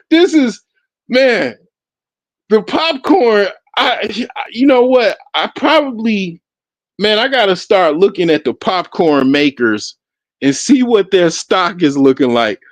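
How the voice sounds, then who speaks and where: A man's voice: sits high, dry recording. A man hosting a solo talk show, rambling and profane, laughing often and restarting his sentences. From Africa. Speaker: podcast host. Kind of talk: casual solo commentary.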